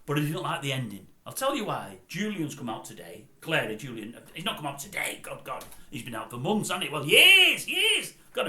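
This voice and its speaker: A man's voice: mid-range voice, a bit bright. A middle-aged man, grumpily and sarcastically rambling through celebrity gossip as a comic host. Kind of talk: comedic celebrity gossip monologue. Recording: roomy echo.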